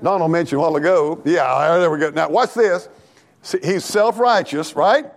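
A man preaching an animated, folksy sermon in church, talking back and forth with the congregation and laughing along. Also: on the high side, normal speed. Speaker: pastor.

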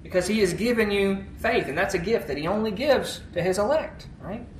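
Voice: mid-range voice, animated, brisk. A preacher giving an emphatic sermon, often checking in with the congregation. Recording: echoey room, faint background noise.

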